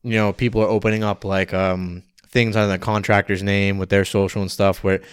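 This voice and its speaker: A young man co-hosting a casual chat, full of wry jokes and asides that trail off low. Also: little pitch movement, fairly quick, smooth, no room sound, studio quality. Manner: wry, joking asides, drops his voice low.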